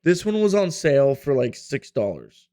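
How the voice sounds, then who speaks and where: Young man, casual podcast chat, rambling and profane, fairly high voice, dry close sound. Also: very animated, moderate pace, dark tone, no echo. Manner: rambling, profane, filler-heavy. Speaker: podcast co-host.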